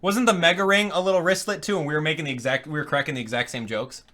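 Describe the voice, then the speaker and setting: A man hosting a casual video game reaction, joking and laughing often, with quick rambling asides and quieter mumbling while he browses. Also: steady tone. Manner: drops to low mumbling while clicking around. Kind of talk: casual live reaction commentary.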